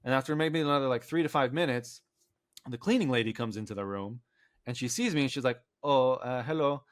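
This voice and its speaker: Male podcast co-host, casual rambling storyteller who acts out quotes, mid pitch, dry close mic. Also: lively intonation, quick pace, dry recording. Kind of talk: casual storytelling among friends.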